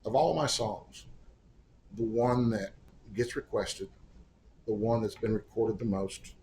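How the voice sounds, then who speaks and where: A man's voice: on the low side, slow, darkish tone, slight background noise. A middle-aged man, a singer-songwriter guest, telling a long anecdote in a casual, wry, self-deprecating way and acting out the people he quotes. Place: studio or room in Oklahoma.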